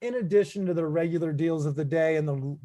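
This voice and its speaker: A man's voice: fairly high pitch, quick pace, warm tone. A man co-hosting a casual podcast, reading sponsor plugs and introducing a guest in a loose, enthusiastic way. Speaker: podcast co-host.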